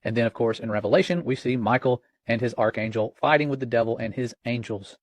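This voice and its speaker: A man's voice: mid-range voice, fast, no room sound. Man, religious commentary, earnest warning tone, dry close sound. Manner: earnest, warning, retells a conversation aloud.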